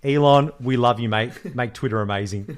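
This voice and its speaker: A man co-hosting a podcast in casual chat, animated, swearing freely and mimicking others as he tells stories. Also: mid-range voice. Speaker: podcast co-host.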